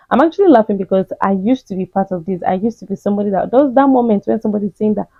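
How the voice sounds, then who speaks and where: A woman's voice: mid-range voice, fairly quick, dry recording. Blunt, preachy woman on a tinny line. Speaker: self-help vlogger. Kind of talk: direct-to-camera advice monologue. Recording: tinny phone-like sound.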